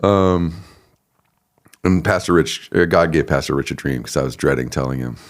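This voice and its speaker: A man's voice: very deep voice, moderate pace. A man, an associate pastor, telling his story, laughing often and acting out what others said. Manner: relaxed, laughs often, acts out quoted people. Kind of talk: conversational storytelling.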